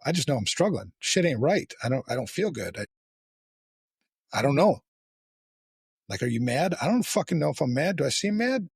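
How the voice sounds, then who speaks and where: A man hosting a podcast, talking candidly and bluntly with a lot of swearing and halting restarts. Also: fairly high pitch, very animated, husky, dry recording, clean studio sound. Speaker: podcast host. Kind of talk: candid casual conversation.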